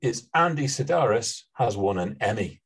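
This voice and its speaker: A man's voice: mid-range voice, lively intonation, moderate pace, vocal fry, slightly rough. A man co-hosting a podcast in casual chat, explaining things with hesitant fillers. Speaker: podcast co-host.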